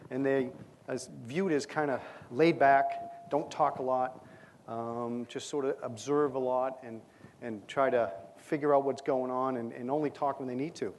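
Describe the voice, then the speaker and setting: A man's voice: mid-range voice, fairly even intonation, measured pace, a little mellow, a little hiss or hum. Chatty man presenting on stage. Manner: conversational, many fillers and restarts, light humor. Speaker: conference presenter. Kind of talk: conference presentation. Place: stage under bright lights.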